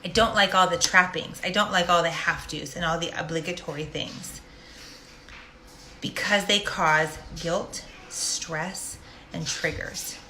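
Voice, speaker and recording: A woman's voice: on the low side, steady tone, unhurried, pushed and bright, a little hiss or hum. A woman, a life coach, speaking directly and animatedly in a casual faith-based monologue. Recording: roomy echo.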